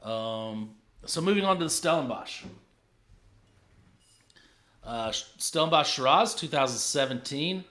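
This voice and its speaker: A man's voice: mid-range voice, unhurried, long pauses. A man co-hosting a casual drinks review show, talking loosely with many fillers. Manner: relaxed, hesitant with many fillers. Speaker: podcast co-host reviewing drinks. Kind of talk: casual chat.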